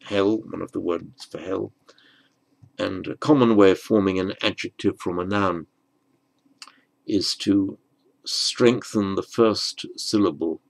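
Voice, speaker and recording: A man teaching a slow, patient grammar lesson, spelling out words and rules. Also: deep voice, vocal fry, poor audio. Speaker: Sanskrit teacher.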